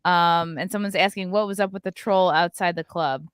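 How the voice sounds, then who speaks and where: A woman's voice: lowish voice, fairly even intonation, normal speed, clear, resonant tone, no echo, studio quality. A woman hosting a casual livestream, telling stories chattily with frequent laughs. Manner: chatty storytelling, laughing often. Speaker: host.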